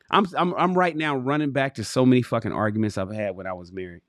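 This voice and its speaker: Speaking fast in a mid-range voice, a man hosts a livestream, reading a book aloud with commentary. He's profane and animated, stopping to curse and address his viewers and chat directly; the audio is dry and studio quality.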